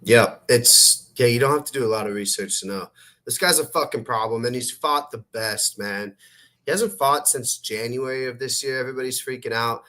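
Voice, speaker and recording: Brash, profane sports podcast host. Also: male voice, mid-range voice, pushed and bright. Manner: brash, profane, fast-talking. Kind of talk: casual sports chat.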